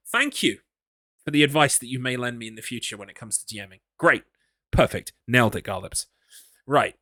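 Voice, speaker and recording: With a sharp-toned, mid-range voice that runs a little fast, this Englishman rambles through a horror game stream, poking fun at himself while reading chat and talking to himself. The studio-quality audio has no room sound.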